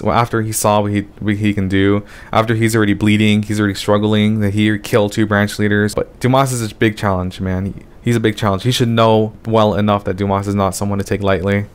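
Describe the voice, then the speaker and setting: A man reviewing a webcomic chapter in a casual, exasperated rant, swearing often and tacking "man" and "dude" onto his sentences. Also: lowish voice. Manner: exasperated, profane, ranting.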